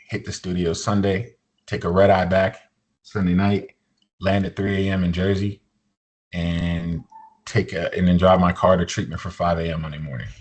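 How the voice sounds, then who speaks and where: A man in his forties, a podcast guest, telling his story in a relaxed, joking way, full of "you know" and easy fillers. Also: deep voice. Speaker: podcast guest, musician and motivational speaker. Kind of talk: casual storytelling interview.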